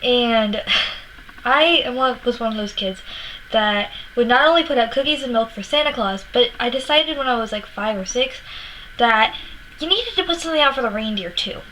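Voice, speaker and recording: Young woman vlogger, fairly high voice, rambling, faint noise behind. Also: normal speed, bright, forceful tone, low-quality recording. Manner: rambling, many fillers and restarts. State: tearful, upset. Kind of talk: personal storytelling vlog.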